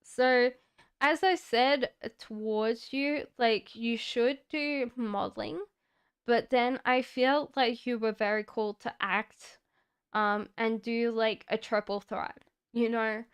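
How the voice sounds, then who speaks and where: A woman's voice: on the high side, fairly even intonation, takes it slowly, clear, resonant tone. An Australian woman giving tarot readings on a live stream, chatty with many fillers and frequent laughs. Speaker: tarot reader.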